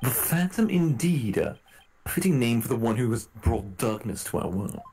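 A man reading as an elderly judge with a gravelly voice. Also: medium pitch, animated, warm tone, exaggerated voice, rough recording. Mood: solemn. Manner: formal, measured courtroom delivery. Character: stern elderly male trial judge. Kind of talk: reading game dialogue aloud.

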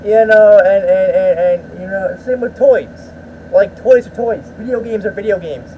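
High-voiced ranting male vlogger. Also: unhurried, narrow, tinny audio, a little hiss or hum. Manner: rambling, profane, with repeated restarts. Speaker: YouTuber. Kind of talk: ranting vlog talk.

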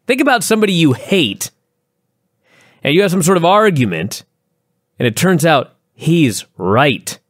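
A male co-host with a slightly high voice that swings up and down with lots of expression. He talks in a profane, sarcastic way in casual chat, and the sound is close and dry. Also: very animated, unhurried, pauses often, dry recording. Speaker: podcast co-host.

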